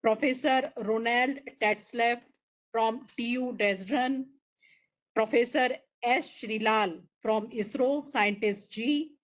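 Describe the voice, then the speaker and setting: In a conference hall, a woman moderating a session gives formal closing remarks, speaking slowly in a slightly high voice over poor audio. She's earnest and emphatic while reading out a long list of names.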